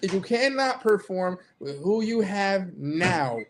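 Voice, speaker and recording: A man's voice: high-pitched, animated, slow, slight background noise. A man co-hosting a casual sports podcast, teasing his partner and stammering through his points. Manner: laughing, teasing, stammering restarts. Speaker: podcast co-host.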